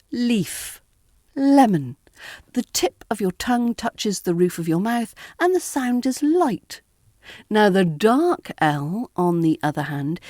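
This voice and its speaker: A woman with a British RP accent teaching pronunciation in a deliberate, scripted lesson, modelling each word clearly. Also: medium pitch, warm tone, no echo, clean studio sound. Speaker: accent coach.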